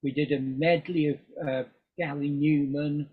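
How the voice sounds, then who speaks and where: Older man, fairly high husky voice, rambling guest chat on a dull lo-fi recording. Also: fairly even intonation, measured pace. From England. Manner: rambling, with frequent ums and restarts. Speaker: guest musician. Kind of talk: casual interview chat.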